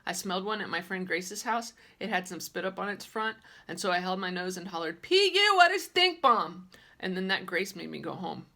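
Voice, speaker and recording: A woman reading a children's audiobook aloud, voicing a cheeky, bossy little kindergarten girl who talks loud and sassy. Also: lowish voice, fairly even intonation, brisk, vocal fry, hardly any pauses.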